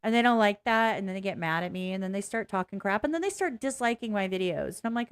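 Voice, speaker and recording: Woman vlogger, plain-spoken and frank, slightly higher voice, loose rambling delivery. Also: lively intonation, fairly quick. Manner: blunt, candid, swearing; rambling with laughs and restarts. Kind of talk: casual reaction vlog.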